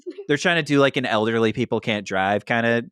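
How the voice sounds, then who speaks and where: A man co-hosting a podcast, chatting casually about a movie, animated and swearing, laughing often and acting out quotes. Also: mid-range voice, quick pace, clean tone, no echo, studio quality. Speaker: podcast co-host. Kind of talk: casual movie review chat.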